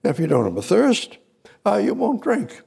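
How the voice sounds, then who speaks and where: A man preaching a sermon, repeating his points emphatically and rising sharply in pitch and volume to drive them home. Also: huge pitch swings, moderate pace, vocal fry, slightly rough. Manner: repetitive, emphatic preaching with sudden loud high rises.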